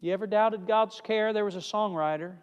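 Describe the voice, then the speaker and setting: A male evangelist preaching a sermon with emphatic swings in pitch and loudness, recorded in a church hall. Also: brisk, smooth, dull audio. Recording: reverberant hall.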